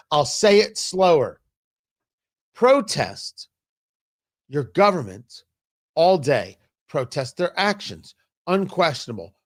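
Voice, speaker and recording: A man's voice: high voice, a bit bright. A male talk show host, delivering a combative opinion monologue and hammering his points with repetition. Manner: emphatic, combative, repeating lines for stress.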